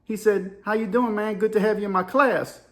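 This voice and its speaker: A man's voice: high-pitched, steady tone, a little fast. A middle-aged man telling a story in a casual monologue, acting out voices and sound effects and laughing often. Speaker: storyteller and channel host.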